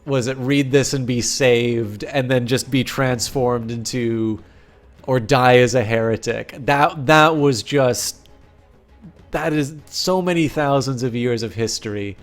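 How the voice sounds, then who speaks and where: A man's voice: mid-range voice, unhurried. Male streamer, casual live chat, long winding sentences, faint music behind. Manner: rambling, long complicated sentences.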